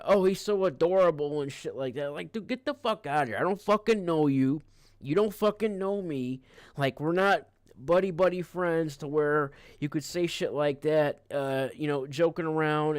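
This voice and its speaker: A man's voice: fairly high pitch, clear, resonant tone, no echo, clean studio sound. A man streaming live, telling a rambling, profane story in an irritated, casual way. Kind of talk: casual livestream rant.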